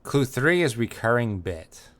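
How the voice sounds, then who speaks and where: A man's voice: medium pitch, very animated, unhurried. A man hosting a comedy podcast, reading listener emails and teasing his co-host in dry, casual chat.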